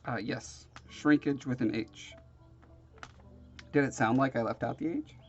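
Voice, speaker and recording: A man's voice: medium pitch, unhurried, lo-fi sound, soft background music. A man with a sniffly, nasal voice, hosting a casual hands-on crafting tutorial in a self-deprecating, rambling way. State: sniffly, congested. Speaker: crafting show host.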